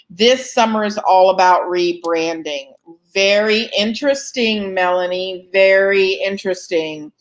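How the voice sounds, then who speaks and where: A woman hosting a live fundraising Q&A, chatting casually with many ums and self-deprecating asides, yawning and a bit short of breath. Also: medium pitch. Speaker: host answering fundraising questions. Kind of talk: live Q&A chat.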